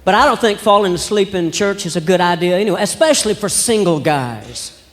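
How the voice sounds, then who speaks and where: A man from Alabama with a Southern accent, doing a stand-up comedy set in a slow, folksy drawl. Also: sits high, animated. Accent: Southern American. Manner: slow folksy drawl, acts out voices in his stories. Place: church hall with a live audience. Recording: long hall reverb, faint room noise.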